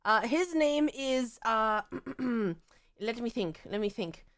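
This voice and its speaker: Woman streamer, excitable casual chat. High, very animated voice, gushing and unhurried. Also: no echo, clean studio sound. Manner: gushing and animated, with frequent laughs and repetition.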